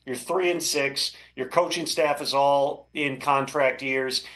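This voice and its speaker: A man working as a football insider, giving measured, thoughtful analysis as an interview guest, with frequent fillers. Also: medium pitch, steady tone, fairly bright tone. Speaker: NFL insider.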